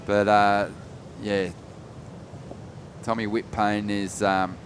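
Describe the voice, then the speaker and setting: A man calling a surf contest live, relaxed, rising in energy on big turns. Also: on the low side, slow pace, noisy background. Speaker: surf commentator. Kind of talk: live sports commentary.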